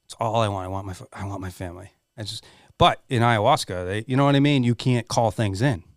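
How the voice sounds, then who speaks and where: A man's voice: lowish voice, fast, no room sound, studio quality. A middle-aged man speaking as a podcast guest, telling a candid personal story in an earnest, emotional way and swearing freely.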